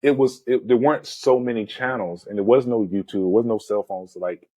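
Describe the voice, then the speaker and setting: A man in his forties, a podcast host, retelling a film in a loose, animated way, full of "man" and "you know". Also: medium pitch, brisk, no echo, dull audio. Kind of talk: casual movie discussion.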